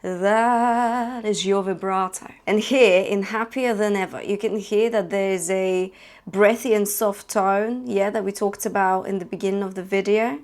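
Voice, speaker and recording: A woman leads an online vocal lesson at a mid-range pitch. She talks through singing techniques and slips into brief sung examples to show each one. She often checks in with her listener by asking "yeah?". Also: steady tone, measured pace, darkish tone. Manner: explains and sings short demos, checks in with "yeah?". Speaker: singing teacher.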